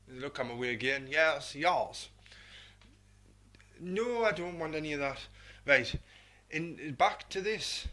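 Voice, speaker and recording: A man's voice: medium pitch, pushed and bright. A man hosting comedic local radio, rambling and self-mocking as he chats to an imagined animal. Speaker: radio host.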